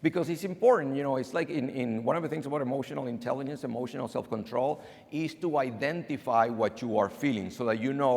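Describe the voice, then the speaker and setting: A man's voice: medium pitch, fast talker, gravelly. A man from abroad giving a conference talk, telling stories and acting out the people in them. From outside the US. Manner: animated storyteller acting out dialogue. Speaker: keynote speaker. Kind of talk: conference talk with acted anecdotes. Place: banquet hall. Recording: long hall reverb.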